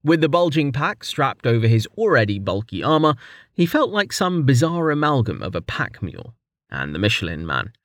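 A man reading a fantasy novel aloud as audiobook narrator, in lively storytelling narration. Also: mid-range voice, moderate pace, no echo, studio quality. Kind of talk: scripted narration.

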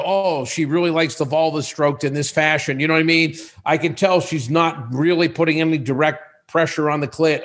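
Guy in his 60s, kinda high voice, acts out all the back-and-forth in his stories, casual podcast chat. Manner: animated storyteller who acts out quoted dialogue. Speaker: guest, sexual wellness business owner.

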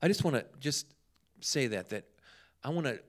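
A man in easy conversation, spinning humorous anecdotes and playing out the other people's lines as he goes. His voice sits at an ordinary middle pitch, and he laughs along with his own stories. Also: moderate pace. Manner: humorous, animated storyteller who acts out dialogue. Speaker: guest telling ministry stories. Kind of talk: casual storytelling chat.

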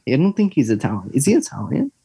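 A man's voice: mid-range voice, huge pitch swings, fast talker, warm tone, slightly rough, no room sound. A young man, chatting casually as a podcast co-host, rambling with lots of fillers and tangents. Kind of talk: casual chat.

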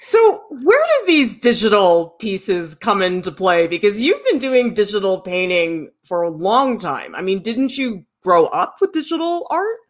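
A woman's voice: medium pitch, sing-song, a little slow, hardly any pauses. A woman interviewer asking curious, prompting questions.

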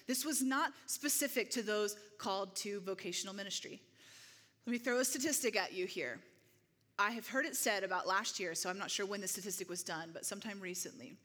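A woman's voice: medium pitch, a bit bright. A woman preaching a conversational sermon to a congregation, often checking in with "right?". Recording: long hall reverb.

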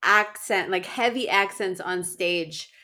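A woman's voice: lowish voice, takes it slowly, sharp tone. Chatty woman podcast co-host. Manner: chatty, laughs often, leans on "like". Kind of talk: casual chat.

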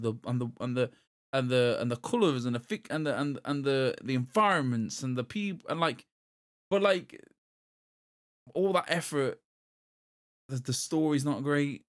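On a casual gaming podcast, a young male co-host chats about video games in an expressive, mid-range voice at a moderate pace. He wanders off topic, restarts frequently, and laughs at his own humor.

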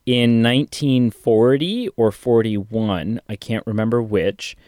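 A man co-hosting a casual film review podcast, talking in a rambling, hesitant way with many pauses. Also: mid-range voice, darkish tone, no echo, studio quality. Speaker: podcast co-host.

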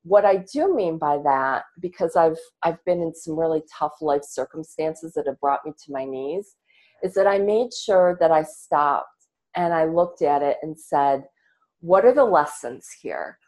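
Low-pitched woman talking earnest and reflective, swears casually, on earbuds over a video call. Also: measured pace, a little mellow. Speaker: podcast guest, coach. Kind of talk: casual interview talk.

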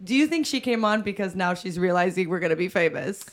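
A woman's voice: lowish voice, expressive, fast talker. Upbeat woman co-hosting a podcast. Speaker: podcast co-host. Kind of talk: casual chat.

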